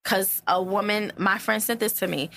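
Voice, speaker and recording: A woman's voice: mid-range voice, moderate pace, vocal fry. A woman co-hosting a podcast, telling stories animatedly and pushing back in casual chat. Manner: animated storytelling, interrupts to push back. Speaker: podcast co-host.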